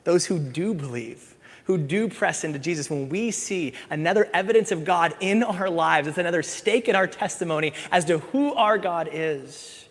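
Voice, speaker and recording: A middle-aged male pastor preaching a sermon, animated, swinging from loud emphasis to hushed asides and playful acted voices. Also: on the high side, normal speed. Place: church sanctuary. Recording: church hall with long reverb.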